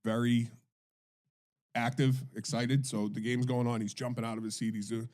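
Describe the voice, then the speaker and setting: A man's voice: medium pitch, flat delivery, moderate pace, darkish tone. A man co-hosting a podcast, telling a profane story in a laid-back way. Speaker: podcast co-host. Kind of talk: casual chat.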